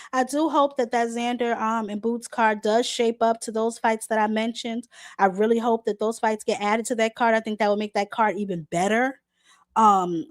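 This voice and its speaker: A high-voiced woman hosts a live boxing stream with a blunt, sassy bite. Her throat is sore and her voice is wearing thin. The sound is dry and close, with no room around it. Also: no room sound. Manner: blunt, sassy, talks back to chat. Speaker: boxing show host.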